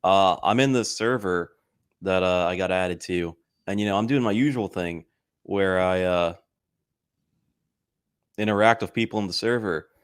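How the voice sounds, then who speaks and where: A young man co-hosting a podcast in casual chat, with dry, deadpan remarks. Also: low voice, normal speed, pauses often, smooth, no room sound. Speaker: podcast co-host.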